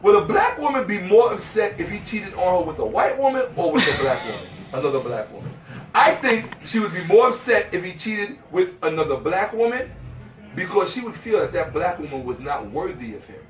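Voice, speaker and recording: A man's voice: high-pitched, sing-song, brisk, reverberant, recorded from a distance. A man giving an interview, lecturing emphatically and repeating phrases for stress. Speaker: interview guest. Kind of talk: impassioned lecturing in conversation.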